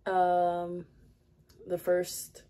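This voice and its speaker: A woman's voice: on the low side, completely flat delivery, drawn-out words, warm tone. A young woman vlogging at her makeup area at home, chatting candidly with lots of fillers. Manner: rambling, many fillers, candid. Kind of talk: casual confessional chat.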